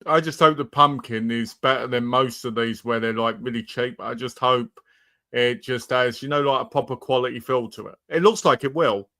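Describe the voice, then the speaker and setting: A man's voice: mid-range voice, fairly even intonation, moderate pace, sharp tone, dry recording, clean studio sound. A man co-hosting a casual chat, pressing with direct questions. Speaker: co-host.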